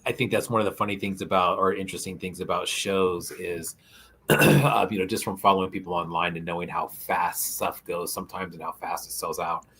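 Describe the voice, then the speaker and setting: A man's voice: deep voice, little pitch movement, brisk, fairly bright tone, slight background noise. A man co-hosting a toy podcast, talking in an easygoing, hesitant way full of fillers. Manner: easygoing, hesitant, lots of "um" and "dude". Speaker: podcast co-host. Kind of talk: casual toy-collector chat.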